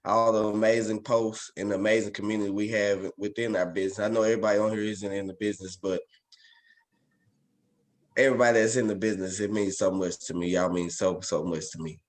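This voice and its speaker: A man on a video call, his voice low and flat. He speaks in a sincere, measured way. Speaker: call participant. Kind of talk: casual sharing.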